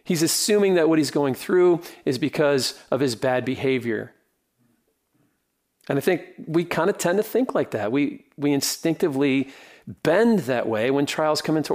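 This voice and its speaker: A middle-aged man preaching a sermon as pastor, earnest and rhythmic, often dropping to a soft, quiet delivery. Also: a little high, animated, normal speed.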